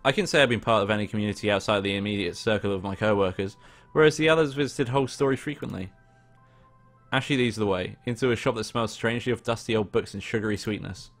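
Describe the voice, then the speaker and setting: A man's voice: on the low side, fast. A young man reading a visual novel aloud with casual, joking commentary, now and then swearing. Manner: casual, swears, laughs at himself. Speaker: let's play host. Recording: faint background music.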